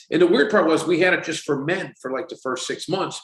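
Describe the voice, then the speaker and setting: A man's voice: a little high, quick pace, hardly any pauses. A man in his sixties, a company CEO guest on a casual podcast, telling stories and acting out the voices of the people he quotes. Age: 60s. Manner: animated storyteller, acts out quotes. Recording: roomy echo.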